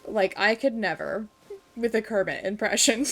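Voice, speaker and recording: A woman's voice: medium pitch, normal speed, soft background music. A woman in her twenties from Kansas with an American accent, chatting casually on a live stream in a self-deprecating, giggly way. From Kansas, USA.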